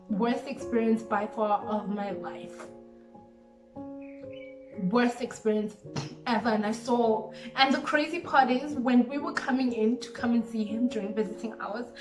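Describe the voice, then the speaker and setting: Woman late 20s, grieving storytime, says like a lot, kinda high voice, mic far off in an echoey room, music behind. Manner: reflective, heavy use of "like", grieving. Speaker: vlogger. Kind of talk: emotional storytime monologue. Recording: roomy sound from a distant mic with background music.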